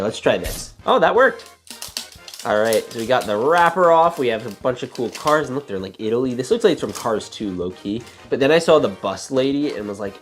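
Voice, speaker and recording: Excitable chatty man with a lively voice. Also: mid-range voice. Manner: chatty, excitable, trails into mumbled asides. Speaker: LEGO unboxing host. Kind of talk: casual build-along chat.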